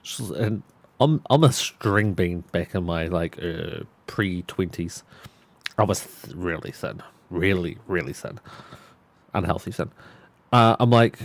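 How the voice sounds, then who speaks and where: A man's voice: deep voice, unhurried, vocal fry, dry recording. A man in his thirties chatting on a live stream, telling a story with lots of laughter and swearing. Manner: laughs a lot, swears freely, animated storyteller.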